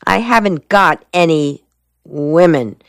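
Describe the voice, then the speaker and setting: A woman's voice: deep voice, lively intonation, slow, vocal fry, no room sound, studio quality, full character voice. A woman reading a blunt young soldier. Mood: probing. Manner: blunt, questioning. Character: young male soldier, earnest, guarded.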